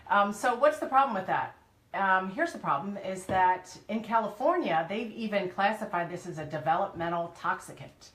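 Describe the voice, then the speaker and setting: A woman's voice: mid-range voice, fairly bright tone. A woman co-hosting a casual chat, teasing and chatty as she explains things. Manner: teasing, chatty, laughs often. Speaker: co-host. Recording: echoey room.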